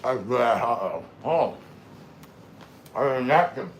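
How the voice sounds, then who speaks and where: A man in casual livestream chat, easygoing and rambling, talking between bites of food. His pitch sits in an ordinary middle range, and a faint hiss runs under his voice. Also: animated, takes it slowly. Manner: laid-back, rambling, talks with mouth full; folksy, calls himself country. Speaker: vlogger hosting a live stream.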